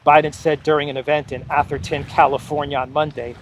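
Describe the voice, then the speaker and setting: A man with a New York accent hosting an animated political commentary vlog outdoors by the sea, often scoffing and laughing. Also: on the high side, brisk, hardly any pauses, a little hiss or hum.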